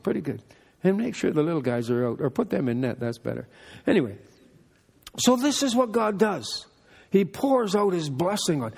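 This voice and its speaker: An older man delivers a relaxed, chatty sermon full of joking asides. His voice sits a bit high, with a raspy, gravelly texture. The sound carries the long echo of a church hall. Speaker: pastor. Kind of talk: conversational sermon. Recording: echoey hall reverb.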